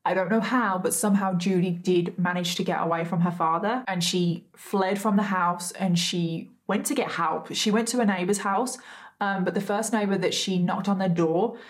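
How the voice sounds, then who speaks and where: A woman's voice: on the low side, steady tone, moderate pace. Chatty woman telling true crime. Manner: chatty, with frequent asides to viewers and emphatic disbelief. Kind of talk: casual true crime storytelling to camera.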